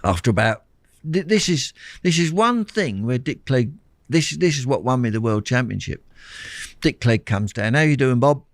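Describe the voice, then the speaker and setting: Older male guest, animated anecdotal delivery, dry recording. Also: mid-range voice, moderate pace, dry recording. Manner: animated anecdotal storyteller, repeats words, laughs often. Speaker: guest, champion angler. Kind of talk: storytelling interview chat.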